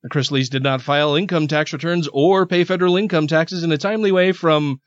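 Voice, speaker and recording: Man, casual podcast co-host, somewhat high voice, reads news with snark, dry and muffled recording. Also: a little fast, no room sound. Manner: reads news aloud with sarcastic asides. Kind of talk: casual podcast chat, reading news aloud.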